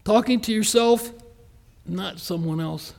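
Pastor, man, high voice, folksy earnest sermon, slows for emphasis. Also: gravelly, darkish tone. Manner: folksy, earnest preaching with quick asides and slow emphatic stresses.

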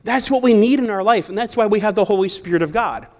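A man's voice: sits high, fast talker. A man preaching a sermon in a conversational storytelling way, often restarting his sentences. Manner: conversational, storytelling, self-correcting. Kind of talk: sermon with personal stories.

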